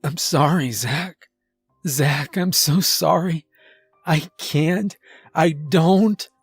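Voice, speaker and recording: A man's voice: fairly high pitch, very slow, breathy edge, no room sound, faint music behind, full character voice. A man voicing a panicked, remorseful intruder who sobs apologies in a horror story. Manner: sobbing, apologetic.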